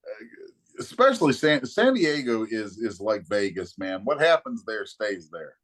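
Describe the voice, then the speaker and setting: A man's voice: lowish voice, unhurried. Profane man telling stories. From Kentucky, USA. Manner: profane, animated storyteller. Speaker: guest, comic artist. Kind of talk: casual storytelling anecdote.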